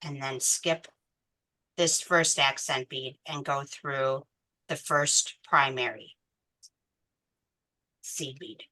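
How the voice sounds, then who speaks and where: A woman's voice: extremely low pitch, slow pace, long pauses, sharp tone. A woman teaching a beading class step by step, counting beads aloud patiently. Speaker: beading instructor. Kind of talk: step-by-step craft tutorial.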